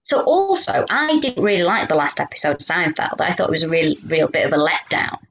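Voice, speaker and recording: A woman, co-hosting a podcast in casual chat, telling animated stories and swearing freely. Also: deep voice, brisk, dull audio. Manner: animated storytelling, swears, acts out quotes. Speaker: podcast co-host.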